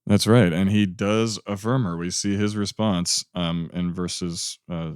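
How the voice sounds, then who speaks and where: A man with a very deep voice talks casually about scripture, relaxed and ready to joke. The sound is close and dry, with no room around it. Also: clean tone, no room sound. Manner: easygoing, joking, quick to laugh. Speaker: co-host of a ministry podcast. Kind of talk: casual Bible study discussion.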